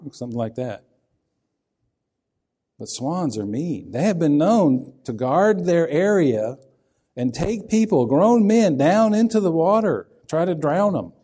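Male preacher, mellow tone, folksy sermon delivery that asks the listeners questions. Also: fairly high pitch.

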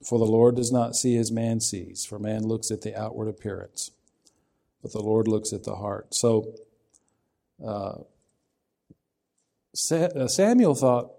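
Male preacher, mellow tone, folksy sermon delivery that asks the listeners questions. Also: medium pitch, expressive, slow pace, long pauses.

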